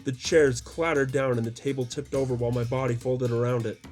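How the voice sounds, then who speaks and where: A man's voice: medium pitch, fairly even intonation, brisk, darkish tone. Man narrating a story, faint music. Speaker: author narrating his own story.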